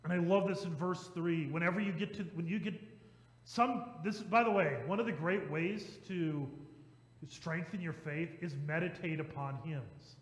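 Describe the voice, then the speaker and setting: Man, pastor, sermon, emphatic hymn reading, chatty asides, long church reverb. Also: on the high side. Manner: reads hymn verses aloud slowly and emphatically; conversational asides with restarts.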